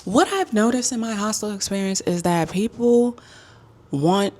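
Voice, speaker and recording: A woman telling a casual storytime as a travel vlogger, with sassy, emphatic and animated delivery. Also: mid-range voice, a little slow.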